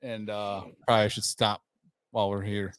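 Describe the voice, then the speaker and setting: A man's voice: on the low side, moderate pace, clean tone. A man hosting a podcast, telling stories in a casual chat and acting out the people in them. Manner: animated storyteller, acts out quoted people. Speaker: podcast host.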